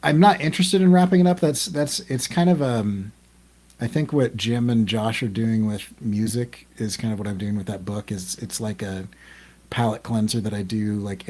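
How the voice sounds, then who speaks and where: A man's voice: on the low side, darkish tone. Rambling man with lots of restarts. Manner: rambling, full of ums and restarts. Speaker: podcast co-host. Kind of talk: casual group chat.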